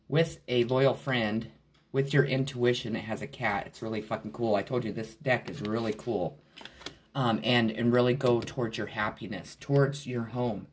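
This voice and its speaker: A man's voice: mid-range voice, breathy edge. Blunt, foul-mouthed man reading tarot. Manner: blunt, swears freely, talks straight to the viewer. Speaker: tarot reader. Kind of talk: casual tarot reading to camera. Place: at home.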